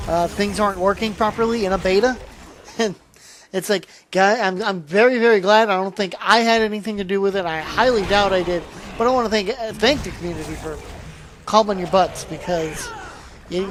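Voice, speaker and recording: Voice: medium pitch, slight background noise. Tired host for casual gameplay commentary, yawning, chatty, restarts often, desk mic at home. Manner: rambling, with frequent restarts and trailing asides. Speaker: channel host.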